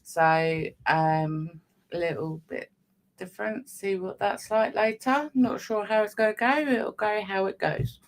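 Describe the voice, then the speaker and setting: A woman's voice: mid-range voice, slow, hardly any pauses. A woman, chatting casually as co-host of a weekly live stream, with plenty of fillers. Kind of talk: casual chat.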